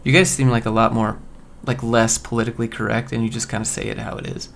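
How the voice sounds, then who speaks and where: A man's voice: on the low side, little pitch movement, fast talker, vocal fry, a bit bright, slight background noise. A man on a casual live stream who reads job listings aloud and riffs on them in a blunt, joking way. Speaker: streamer reviewing job postings.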